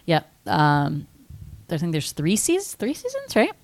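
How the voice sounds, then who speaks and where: A woman's voice: on the low side, wildly swooping pitch, unhurried. A woman co-hosting a podcast in casual chat, easygoing and explaining with many fillers. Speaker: podcast co-host.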